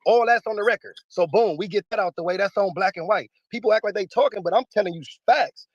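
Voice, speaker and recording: A man's voice: sits high, quick pace, dry recording, highs cut off. A man speaking in a heated interview, combative, emphatic and profane. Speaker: battle rapper interviewee.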